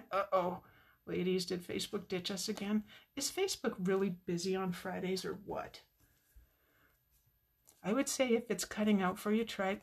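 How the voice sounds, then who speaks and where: A woman's voice: mid-range voice, breathy edge. A middle-aged woman chatting with viewers while demonstrating card making on a live stream, with muttered asides to herself.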